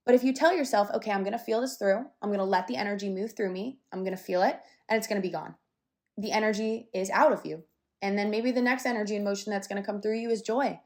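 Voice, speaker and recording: A young woman hosting a solo podcast, talking casually and candidly, with fillers and the odd swear word, a little out of breath. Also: a little high. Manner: chatty and candid, with some swearing and lots of fillers. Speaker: podcast host.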